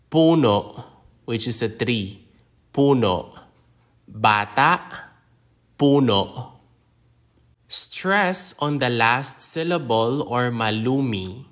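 Filipino-accented male language teacher, unhurried lesson pace, mid-pitched voice. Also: a bit bright. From Philippines. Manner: says each example word twice, then gives its meaning. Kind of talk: slow, careful pronunciation lesson.

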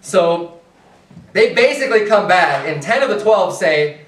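A man's voice: high-pitched, lively intonation, moderate pace, a bit bright, echoey room, recorded from a distance, rough recording. A man preaching a sermon as a pastor, in a conversational style with frequent restarts and fillers. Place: church sanctuary.

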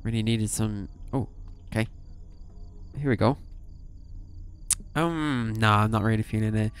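A man's voice: on the low side, a little slow, clear, resonant tone. A young man playing a horror game for video, reacting with sudden swearing and reading the game's text aloud. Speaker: gaming YouTuber. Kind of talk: horror game let's play commentary.

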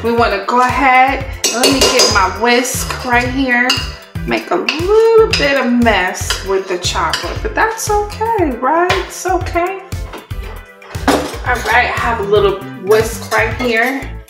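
Slow-talking woman hosting a cooking show. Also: on the high side, animated. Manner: chatty, admiring her own work. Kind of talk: casual cooking demonstration. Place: kitchen. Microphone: far from the camera mic. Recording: echoey room, distant mic, background music.

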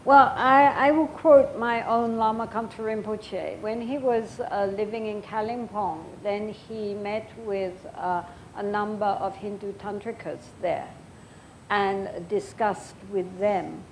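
An older woman giving a Buddhist dharma talk as the teacher, speaking gently and reflectively and telling stories with frequent pauses. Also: mid-range voice, steady tone, a little hiss or hum, poor audio.

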